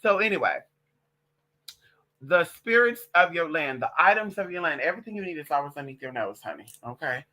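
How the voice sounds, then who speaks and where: Trans woman vlogger, very animated pitch, sassy and foul-mouthed, chatty storyteller. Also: fairly quick. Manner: sassy, profane, calls listeners honey and girl. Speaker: vlogger and witch. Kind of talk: casual vlog monologue.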